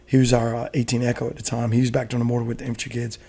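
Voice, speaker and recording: A middle-aged man, a retired soldier, telling war stories in casual podcast chat, animated and profane, laughing often. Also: mid-range voice, rapid-fire, crowd noise. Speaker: guest, retired Army special forces soldier.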